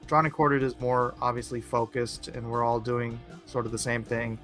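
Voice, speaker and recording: A man hosting a live art stream in a relaxed, rambling way, chatting as he works. His voice sits at an everyday middle pitch, with a faint guitar tune playing behind him. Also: normal speed. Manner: rambling, laid-back, joking. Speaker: livestream host and artist. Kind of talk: casual chat while drawing.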